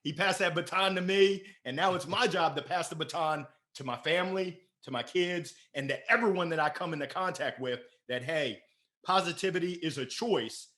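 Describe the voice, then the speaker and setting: A man from Maryland, a podcast guest, telling stories in a playful, energetic, animated way. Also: fairly high pitch, moderate pace. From Maryland, USA. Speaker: podcast guest, sales director. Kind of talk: casual interview storytelling.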